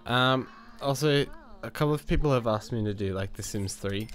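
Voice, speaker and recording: A man's voice: medium pitch, moderate pace, soft background music. A man with a stuffed-up cold, casually commenting on his life-sim game with lots of fillers, restarts and chuckles. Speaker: gaming channel host. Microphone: new desk microphone.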